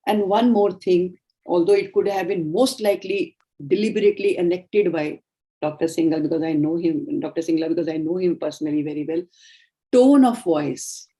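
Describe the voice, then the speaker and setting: A middle-aged woman with an Indian English accent, giving a training lecture in a measured, explanatory way. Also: fairly low pitch, fairly even intonation, mellow. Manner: explanatory, measured, acts out sample dialogues. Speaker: communication trainer.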